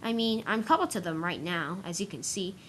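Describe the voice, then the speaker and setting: Woman voicing a pushy toy engine, rapid patter, homemade story. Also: fairly low pitch, fairly bright tone, a little hiss or hum, natural voice. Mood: breezy.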